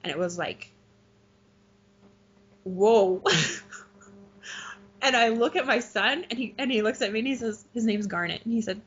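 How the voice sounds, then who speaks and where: A woman's voice: fairly high pitch, lively intonation, a little fast, fairly bright tone, breathy edge. Gushing woman telling a story, laughing. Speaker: guest. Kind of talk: casual interview storytelling. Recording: muffled lo-fi recording.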